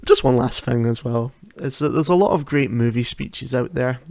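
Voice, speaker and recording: A man's voice: mid-range voice, normal speed, creaky, a little mellow, no room sound. Chatty man, dry sound. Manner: chatty, laughs often, restarts sentences. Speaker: podcast host. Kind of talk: casual solo podcast chat. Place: home at night.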